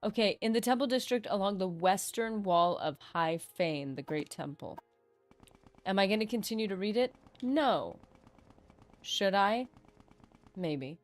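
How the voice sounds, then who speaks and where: Playing a role-playing game on stream, this woman reads quest text and chats with viewers, tossing in joking asides and playful mock-grandeur. Her mid-range voice is animated and measured in pace. The recording is dry, with faint game music underneath.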